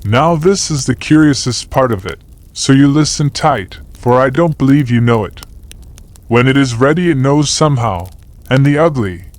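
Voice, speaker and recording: A man's voice: medium pitch, animated, moderate pace, pitched above the performer's own voice, close to an everyday voice. A man voicing an earnest, eager small boy who explains what he has seen, in an audiobook. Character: earnest small boy telling about insects. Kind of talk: audiobook character voice.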